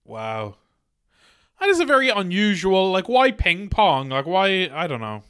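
Blunt, animated male podcast co-host. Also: a little slow, clear, resonant tone, no room sound, studio quality. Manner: blunt and opinionated, swings between high animated bursts and low mutters. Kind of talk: casual chat.

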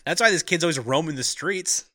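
Podcast co-host, man, very bright tone, relaxed recap with frequent laughs, dry sound. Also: on the high side, fairly quick, no room sound. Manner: laughs often, easygoing recapping. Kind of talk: casual movie recap chat.

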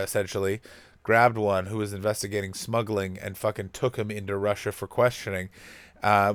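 A man's voice: lowish voice, smooth. A man from Canada doing a rambling, profane comic monologue as a podcast host.

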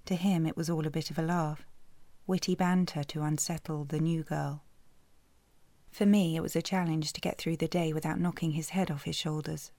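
A woman's voice: deep voice, steady tone, normal speed, mellow, no room sound. A British woman narrating a first-person romance audiobook in a dry, sardonic way, close to the mic.

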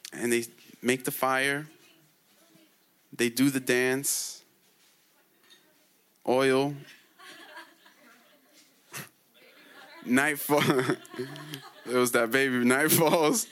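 A man's voice: mid-range voice, fairly even intonation, drawn-out words, pauses often, fairly bright tone, clear, resonant tone. A man retelling a myth in casual storytelling style, full of slang, chuckles and fillers.

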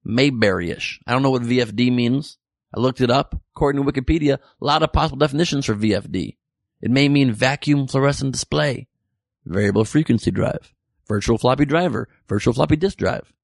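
A man's voice: mid-range voice, moderate pace, vocal fry, no echo, studio quality. A man hosting a comedic weekly news podcast, reading listener messages with jokey, irreverent asides. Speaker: podcast host.

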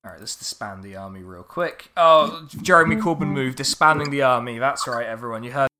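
A man hosting a livestream in casual chat, sardonic and sweary, with deadpan sarcasm. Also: mid-range voice, brisk, a crowd in the background. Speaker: livestream host.

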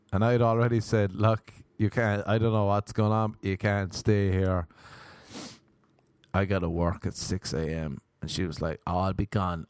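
A young man telling a comic story in a casual style, animated and profane, jumping into high silly voices for his own reactions. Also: dry recording.

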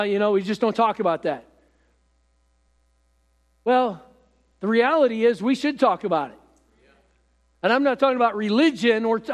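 Pastor, male, high voice, halting delivery full of fillers, recorded in an echoey hall. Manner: halting, with many fillers and repeated phrases. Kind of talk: sermon.

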